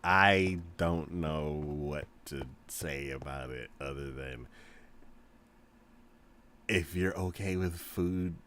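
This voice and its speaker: A man's voice: extremely low pitch, slow, long pauses, a little hiss or hum. A man hosting a gaming stream, chatting casually and laughing often as he retells stories. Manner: laughs often, retells scenes in animated voices. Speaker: gaming channel host. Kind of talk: casual chat while gaming.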